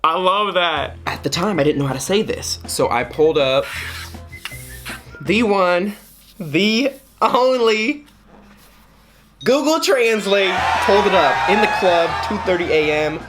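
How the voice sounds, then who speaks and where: A man's voice: on the high side, fairly bright tone. Brief: playful guy, storytime vlog, theatrical delivery, light music bed. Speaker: vlogger telling a dating story. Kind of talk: animated storytime monologue.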